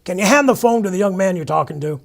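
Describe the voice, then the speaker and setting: A man imitating an old male priest going deaf who talks far too loudly, as if everyone were deaf. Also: expressive, fast talker, gravelly. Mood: shouting. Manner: booming, over-loud speech.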